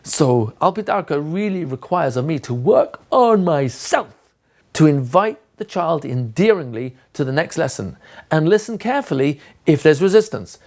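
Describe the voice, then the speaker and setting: A man giving a lecture to teachers on how to teach children, acting out short scenes of teacher and pupil as he explains. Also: on the high side. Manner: animated, acts out teacher and child voices. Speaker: teacher trainer.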